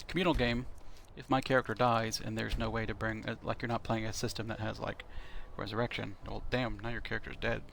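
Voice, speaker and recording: A man's voice: fairly low pitch, vocal fry, a bit bright. A man streaming a video game, chatting casually and thinking aloud with plenty of fillers as he plays. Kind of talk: casual commentary while playing. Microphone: console headset.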